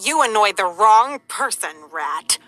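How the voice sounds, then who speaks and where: A woman doing a bright, exasperated cartoon mom. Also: medium pitch, very animated, a little slow, faint music behind. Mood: spiteful. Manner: impatient, sarcastic. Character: exasperated cartoon mother fighting a rat.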